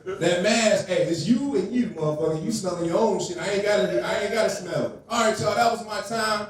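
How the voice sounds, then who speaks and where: A man's voice: high voice, brisk. A man doing a crude, crowd-baiting stand-up set on a comedy club stage. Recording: echoey room, from a distance.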